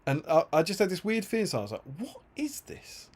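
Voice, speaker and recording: A man's voice: a little high, very animated, rapid-fire. A man, co-hosting a casual livestream and reading out chat, laughing often and restarting his sentences. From Greater London, England. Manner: chatty, laughs often, lots of restarts and fillers. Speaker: co-host reading live chat.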